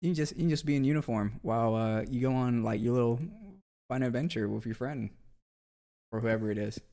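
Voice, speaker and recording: A young man chatting live to his stream, mid-pitched and easygoing. He rambles from one joke to the next, piling on fillers and side remarks as he goes. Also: steady tone, brisk, creaky, warm tone. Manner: loose, joking storyteller, full of fillers and asides. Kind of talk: casual rambling livestream chat.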